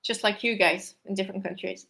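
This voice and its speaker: A woman's voice: mid-range voice, steady tone, a little fast, vocal fry, bright, forceful tone. A woman guest speaking English as a second language with a non-native accent, talking hesitantly with many fillers in a live interview. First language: not English.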